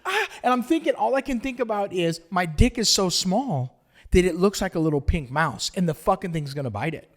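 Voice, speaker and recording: A man hosting a podcast, telling a story in a casual chat, animated and swearing constantly as he acts it out. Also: high-pitched, a little fast. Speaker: podcast host.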